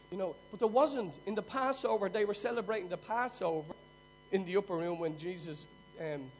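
A man delivers a sermon from the pulpit with a high-pitched voice. He presses his points with a repetitive, emphatic preaching cadence. Soft music plays faintly behind him. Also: poor audio. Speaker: pastor.

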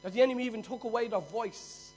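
A man's voice: very high-pitched, fast talker, a little mellow, faint music behind, low-quality recording. A man preaching a sermon as pastor, building emphasis by repeating his key phrases. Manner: emphatic, repetitive preaching cadence.

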